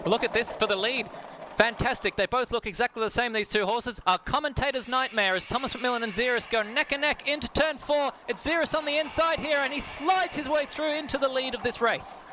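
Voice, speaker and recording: Male co-commentator, very high voice, chatty and enthusiastic, background noise audible. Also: a little fast. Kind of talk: sim racing commentary.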